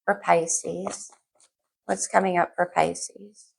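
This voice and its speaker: A woman reads tarot for her viewers in an easy, chatty way. Her voice sits low with a gravelly fry running through it. She talks her thoughts out loud as she pulls cards, wandering a little and then circling back. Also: little pitch movement, takes it slowly. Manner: chatty, scattered, thinks aloud while pulling cards. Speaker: tarot reader. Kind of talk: casual tarot reading to camera.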